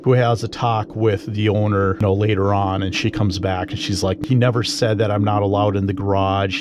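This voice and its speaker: A man's voice: fairly low pitch, darkish tone, a little hiss or hum. A man telling a personal ghost story in a rambling, conversational way, full of fillers and asides.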